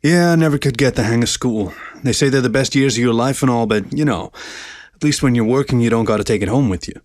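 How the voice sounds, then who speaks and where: A man's voice: medium pitch, quick pace, a little mellow, no room sound, lightly acted. A man voicing a cocky, laid-back male dog who talks in a lazy drawl. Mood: easygoing.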